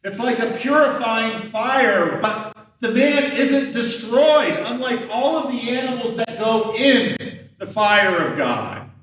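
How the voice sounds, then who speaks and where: A high-pitched man preaches from the pulpit at an unhurried pace, talking to the congregation like a conversation and voicing the questions of the people in the story. He is heard from some distance off the mic, with a long echo ringing through a big church hall. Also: expressive, fairly bright tone, slight background noise. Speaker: pastor. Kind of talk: sermon. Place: church sanctuary.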